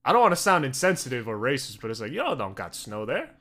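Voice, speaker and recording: A man's voice: medium pitch, big pitch swings, fast talker, pushed and bright, slight background noise. A young man co-hosting a podcast in casual chat, rambling and swearing with many fillers and restarts. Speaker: podcast co-host.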